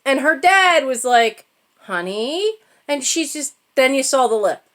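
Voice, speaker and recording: A woman's voice: high-pitched, expressive, moderate pace, a bit bright. A middle-aged woman telling a comic holiday story to her channel in a casual, self-mocking way, laughing as she goes. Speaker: channel host.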